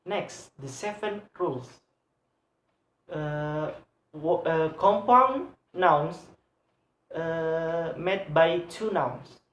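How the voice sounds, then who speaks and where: Slow, hesitant student presenter in an echoey room. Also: mid-range voice, fairly bright tone, a little hiss or hum. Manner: hesitant, many filler sounds, repeats each example word. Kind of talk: recorded class presentation on word stress.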